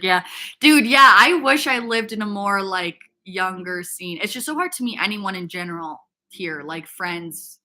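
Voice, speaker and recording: A woman's voice: mid-range voice, bright, forceful tone. A young woman from upstate New York, hosting a casual fitness livestream and telling a rambling, gossipy story packed with "like" fillers, and answering chat comments.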